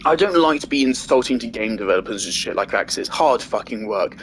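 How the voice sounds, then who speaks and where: A man's voice: medium pitch, animated, fast, slight background noise. Furious swearing man ranting. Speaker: gaming video creator. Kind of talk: angry gameplay commentary.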